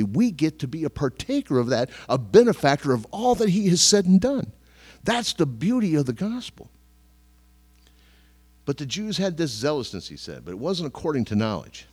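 A man's voice: medium pitch, darkish tone. A middle-aged man preaching a sermon as pastor, emphatic, repeating key phrases.

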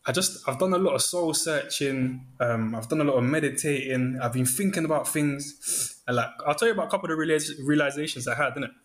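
A man's voice: fairly high pitch, fast, few pauses. A man chatting casually, acting out his inner thoughts in quoted asides. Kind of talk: casual chat.

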